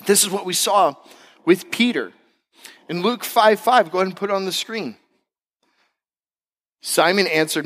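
A middle-aged male pastor preaching a sermon, animated, acting out other people's voices and jumping high in pitch when excited. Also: fairly quick.

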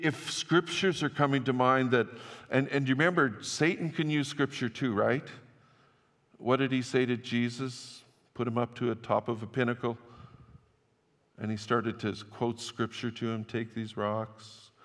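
Pastor guy preaching, chatty storyteller, mid-pitched, big echoey church hall. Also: a bit bright. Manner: conversational storytelling with restarts. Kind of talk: sermon. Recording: long church-hall reverb.

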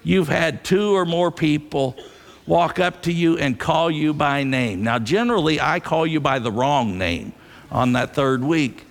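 A male pastor preaches slowly in a gravelly voice, telling the story earnestly and repeating his key phrases. His voice rings with a long reverb through a church sanctuary. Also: fairly high pitch, lively intonation. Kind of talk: sermon. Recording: long reverb of a large hall.

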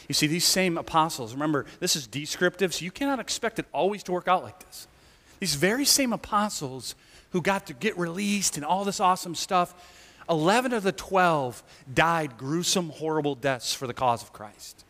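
Lively, high-voiced male preacher. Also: moderate pace. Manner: animated, acts out the story. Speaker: pastor. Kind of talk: sermon. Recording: long hall reverb.

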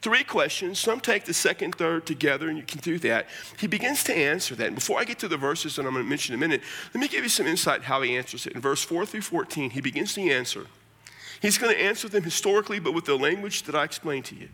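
An American man delivers a sermon in a bright, somewhat high-pitched voice. He explains scripture in a conversational, animated way, often breaking off for casual asides. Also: fast talker, husky. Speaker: pastor.

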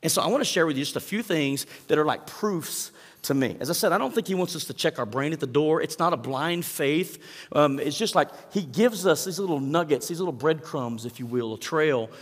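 A man's voice: on the high side, expressive, fairly quick. A man preaching a sermon to his congregation, reading scripture and asking them questions. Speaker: pastor. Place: church sanctuary. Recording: hall reverb.

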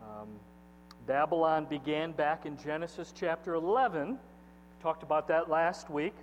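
A man preaching a sermon as pastor, opening with a prayer and building to loud, impassioned peaks. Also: a little high, a little slow, highs cut off. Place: church sanctuary. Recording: faint mains hum, long church reverb.

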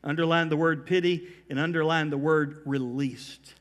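High-voiced middle-aged preacher. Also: male voice, steady tone. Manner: emphatic preaching that swells in volume on repeated phrases; slows down to stress key words. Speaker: pastor. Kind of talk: sermon.

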